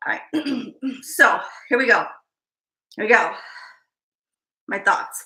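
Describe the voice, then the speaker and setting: A woman from Chicago hosting a live psychic stream, talking fast with intense energy. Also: mid-range voice, animated, bright, forceful tone, echoey room, low-quality recording. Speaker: psychic livestream host. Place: live-stream setup, indoors.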